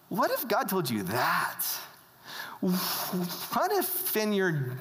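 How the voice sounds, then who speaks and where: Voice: medium pitch, wildly swooping pitch, extremely slow, fairly bright tone. A preacher giving a casual, conversational sermon, often turning to the audience with questions. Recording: long hall reverb.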